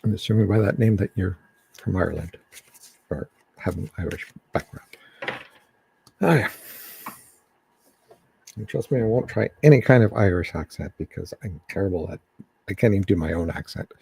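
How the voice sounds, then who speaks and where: A man giving psychic readings on a live stream in a halting, casual way, with many ums and restarts. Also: low voice, animated, creaky, darkish tone, breathy edge.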